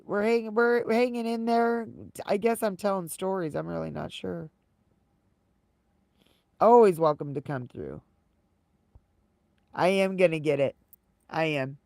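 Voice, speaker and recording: A woman's voice: fairly low pitch, creaky, a little mellow, no echo, clean studio sound. A woman live streamer telling casual stories to her viewers, rambling and repeating her phrases. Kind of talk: casual livestream storytelling.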